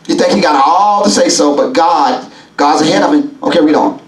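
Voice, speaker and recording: A bishop leads Bible study in a church sanctuary, his slightly high voice brisk as he fires questions at the congregation and says things more than once. The recording is distant and echoey, with the congregation murmuring in the background.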